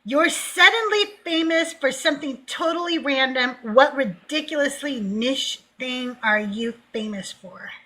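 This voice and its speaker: An older woman from Southern California hosting a casual chat, rambling and halting with fillers. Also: high-pitched, bright, forceful tone. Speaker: call-in show host.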